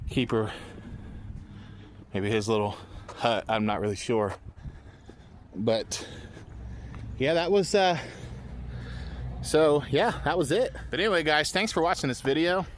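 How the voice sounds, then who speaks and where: A man's voice: medium pitch, slight background noise. A man vlogging outdoors on his phone while climbing a steep hill, out of breath, rambling and poking fun at himself. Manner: rambling, self-deprecating, trailing restarts. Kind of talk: casual outdoor vlog narration. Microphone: handheld phone.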